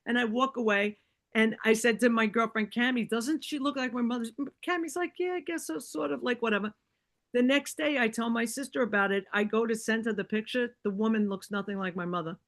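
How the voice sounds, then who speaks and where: Woman podcast guest, fairly high-pitched, animated casual storyteller with a chatty, filler-heavy delivery. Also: brisk. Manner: animated, acts out quoted dialogue; fillers like "like" and "right?".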